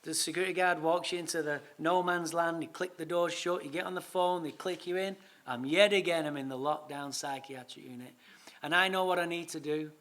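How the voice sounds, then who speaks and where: High bright-voiced English man telling stories. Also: brisk. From England. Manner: lively comic storytelling, swearing freely. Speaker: recovery meeting speaker. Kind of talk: storytelling talk.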